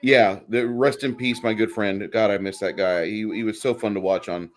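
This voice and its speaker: A man's voice: lowish voice, fairly even intonation, moderate pace. Sarcastic rambling man guest. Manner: sarcastic, swears freely, rambling. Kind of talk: casual livestream chat.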